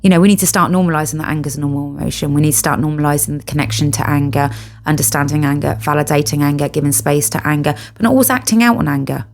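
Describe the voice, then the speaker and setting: A woman's voice: low-pitched, racing. A middle-aged British woman talking earnestly to camera about spiritual healing, stressing and repeating her key phrases. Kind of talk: casual monologue to camera.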